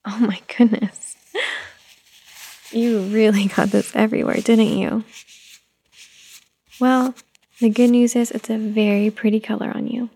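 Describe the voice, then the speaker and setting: Gravelly, mellow gentle mother played by a woman, whispered role-play. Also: fairly high pitch, level tone, a little slow, pauses often, a little hiss or hum. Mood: soothing. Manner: soft, coaxing, motherly. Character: gentle patient young mother soothing her toddler.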